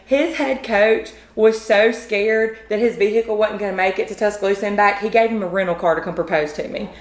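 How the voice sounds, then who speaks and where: A woman, a podcast guest telling a story in a chatty, animated way with many fillers. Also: mid-range voice, fairly quick. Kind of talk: casual storytelling. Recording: roomy echo.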